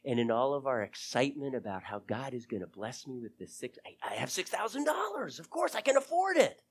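A pastor preaching a sermon to his church, acting out prayers and conversations in an animated way and dropping to a hushed voice at times. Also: medium pitch, normal speed, creaky, slightly rough.

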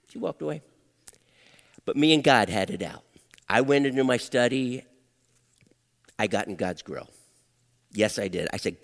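Older male pastor, very animated preaching. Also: fairly high pitch, moderate pace, pauses often. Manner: emotional, dramatic swings from hushed to loud. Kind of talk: sermon with storytelling. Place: church. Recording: long hall reverb.

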